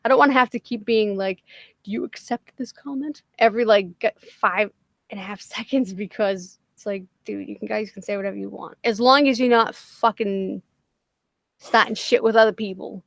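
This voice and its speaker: A woman's voice: medium pitch, steady tone, normal speed, gravelly, fairly bright tone, no echo. A woman hosting a casual livestream, talking bluntly with lots of swearing and frequent laughter. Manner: blunt, profane, laughs often. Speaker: livestream host.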